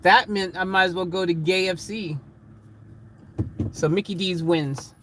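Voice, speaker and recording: A man chatting casually with viewers in a live vlog, laughing and getting excited, recorded in a van. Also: sits high, measured pace, slight background noise. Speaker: vlogger.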